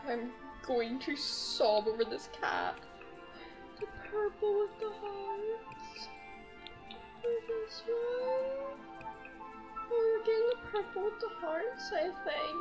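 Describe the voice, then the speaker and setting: A woman's voice: extremely high pitch, sing-song, slow, pauses often. A young woman commenting on her gameplay in a casual chat, gushing and cooing over a pet in baby talk. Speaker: gaming YouTuber. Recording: slightly dull audio with game music.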